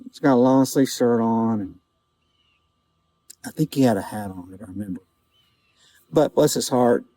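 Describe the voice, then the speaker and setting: A man vlogging outdoors, telling a vivid personal story in a casual, halting way, with quoted dialogue. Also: on the high side, mellow, dry recording, poor audio. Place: outdoors outside a small-town grocery store.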